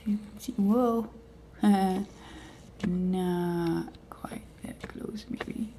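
A woman hosting a nail art video, chatting casually and half-whispering to herself as she works, easily excited. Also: mid-range voice, extremely slow, noisy background. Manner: mutters and half-whispers to herself while working; excitable, eager. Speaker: nail art channel host. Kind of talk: casual tutorial commentary.

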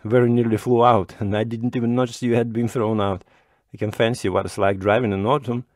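A good-humored young student , voiced by a male storyteller, chats eagerly and asks curious questions in an easy, friendly way. The voice stays near the narrator's own low register. It sounds close and dry, with no room around it. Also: brisk, a little mellow, dry recording, natural voice.

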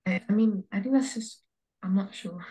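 A woman student from a Tamil-speaking area reading aloud hesitantly and quietly in a language lesson, with many pauses. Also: medium pitch, husky.

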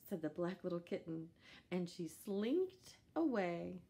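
Brief: woman storybook reader, slow, gentle, animated. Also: on the low side. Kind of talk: reading a children's picture book aloud.

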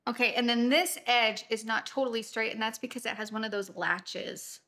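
A woman's voice: a little high, normal speed, sharp tone. A woman, teaching a watercolor painting tutorial in her home studio and chatting casually as she works. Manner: chatty, easily distracted while painting. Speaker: watercolor instructor.

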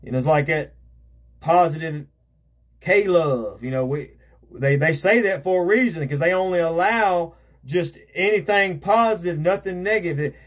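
A man's voice: a little high, moderate pace. A man preaching a conversational sermon as an evangelist, repeating himself and filling with "you know".

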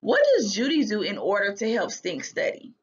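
A woman's voice: medium pitch, big pitch swings, normal speed, breathy edge. A woman teacher giving a recorded reading lesson, patiently asking guiding questions. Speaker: third grade teacher. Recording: dull lo-fi recording.

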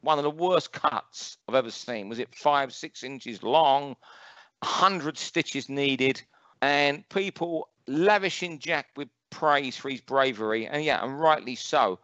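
A man's voice: medium pitch, bright, forceful tone, dry recording, dull audio. A man with a London accent co-hosting a boxing podcast, reeling off fight records and ranting with strong opinions. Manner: opinionated, ranting, rapid fact-listing. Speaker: boxing pundit co-host. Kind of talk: casual podcast chat.

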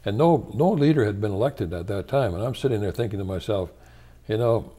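An older American man, a retired church leader, answers interview questions in a measured, thoughtful way, pausing often and restarting his sentences. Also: lowish voice, expressive, mellow, slightly rough. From United States.

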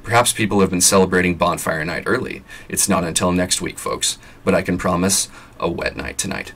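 A man's voice: low-pitched, a little fast, a bit bright. A man reading aloud and voicing a jovial television weatherman in a breezy broadcaster patter.

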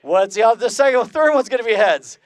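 A man's voice: extremely high pitch, expressive, a little fast, no echo. A man giving a comedic skeptic lecture to a live convention audience of a couple hundred people. He talks with energy, polls the crowd, and laughs at his own jokes. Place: large convention room with about two hundred people.

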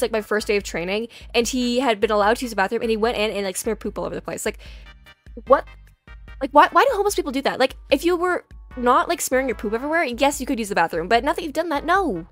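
Fast, chatty young woman storyteller. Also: a little high, soft background music. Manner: chatty, animated, filler-heavy. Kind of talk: casual storytime.

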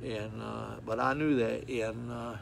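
A man preaching a sermon, folksy and repetitive, telling stories with animated acted-out moments. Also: mid-range voice, unhurried, vocal fry, slight background noise.

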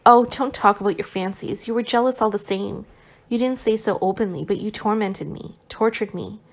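A woman voicing a gentle, worn-out young man who is still recovering, speaking tenderly with some reproach, in an audiobook reading. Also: medium pitch, normal speed, lightly acted. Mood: tender, reproachful.

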